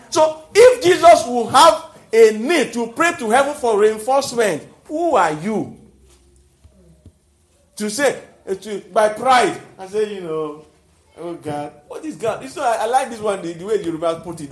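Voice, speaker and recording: A Nigerian man preaching with a high, lively voice that carries through an echoey hall. He keeps calling out to his listeners and breaks into laughter as he drives his points home. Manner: animated, calls out to the congregation, laughs often. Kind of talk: sermon.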